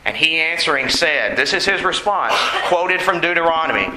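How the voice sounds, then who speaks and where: A man's voice: fairly high pitch, animated, normal speed, few pauses, bright, forceful tone. A man preaching a sermon in an earnest way, asking the congregation questions. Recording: echoey room with faint noise.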